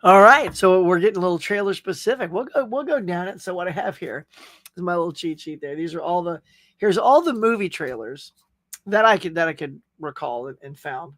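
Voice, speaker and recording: A man's voice: high-pitched, lively intonation, fairly quick, a bit bright, dry recording. A man hosting a casual live chat show, rambling in a friendly, talkative way as he answers viewer comments. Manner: rambling, chatty, friendly, with frequent fillers and laughs. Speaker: host.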